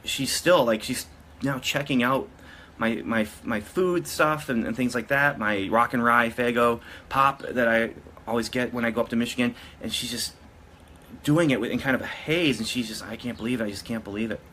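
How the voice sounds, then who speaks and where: A man's voice: mid-range voice, normal speed, pushed and bright, a little hiss or hum. A man casually telling a story to his video audience, rambling and often restarting his sentences. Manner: rambling, with frequent restarts and self-corrections. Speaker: vlogger.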